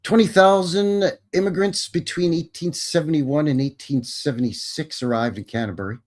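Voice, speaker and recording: A fairly high-pitched Canadian man speaks at normal speed as he reads a history text on his livestream. His casual commentary wanders into folksy, wry asides, complete with "eh" and "bud."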